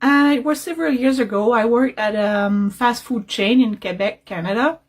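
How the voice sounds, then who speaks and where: A woman with a fairly high voice recounts a past job story, hesitating with ums and uhs along the way. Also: moderate pace, a little hiss or hum. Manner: hesitant, with fillers. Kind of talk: casual storytelling.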